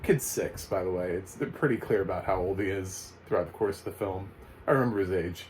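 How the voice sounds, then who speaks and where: An American man giving a casual, chatty spoken film review, full of animated asides and fillers. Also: deep voice, fairly quick, slight background noise, poor audio. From United States. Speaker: movie reviewer.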